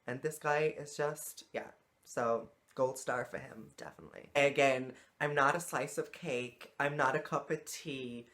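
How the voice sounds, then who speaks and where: A woman's voice: a bass voice, a bit bright. Frank, exasperated woman vlogging. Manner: frank, exasperated, swears freely. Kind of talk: casual vlog monologue.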